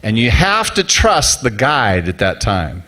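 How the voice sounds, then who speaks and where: A man's voice: fairly low pitch, wildly swooping pitch, a little slow, sharp tone. A middle-aged man from the United States, a pastor preaching a sermon in a conversational storytelling manner, acting out quoted voices along the way.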